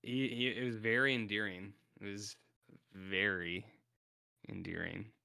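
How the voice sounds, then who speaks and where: Podcast co-host, male, slightly low, bright forceful tone, rambling laid-back banter. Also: steady tone, unhurried, gravelly, dry recording, clean studio sound. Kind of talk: casual chat.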